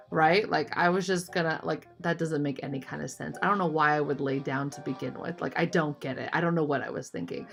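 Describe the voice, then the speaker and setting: Chatty woman telling an animated story. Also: fairly low pitch. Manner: animated, chatty, full of "like" and "you know". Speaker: art vlogger. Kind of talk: casual storytelling.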